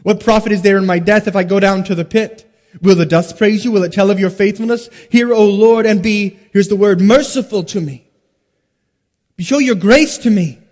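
A man preaching an expository sermon, with emphatic stresses, sudden hushed drops and rhetorical questions. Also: high voice. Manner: rhetorical questions and dramatic pauses. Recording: long hall reverb.

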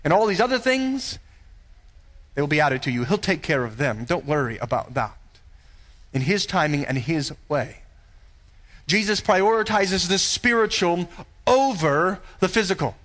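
High-pitched guy preaching a sermon, earnest and emphatic, keeps asking the crowd questions. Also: animated, measured pace, pauses often, a bit bright. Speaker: pastor.

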